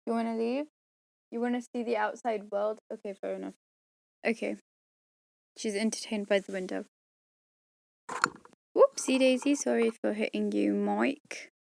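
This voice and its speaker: A woman's voice: mid-range voice, creaky. A woman narrating an audiobook, chatting through bloopers in a tired, strained voice, rambling and joking at herself. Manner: rambling, self-mocking, tired. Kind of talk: casual bloopers and outro chat.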